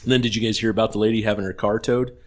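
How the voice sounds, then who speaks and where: A man on a casual podcast, chatty and jokey, telling quick gags. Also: lowish voice, fairly even intonation. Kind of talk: casual chat.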